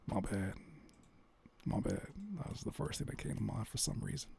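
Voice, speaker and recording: A man hosting a casual livestream, reacting to music and joking with chat in an animated way. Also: fairly low pitch, moderate pace, creaky, long pauses, breathy edge. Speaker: livestream host giving music feedback.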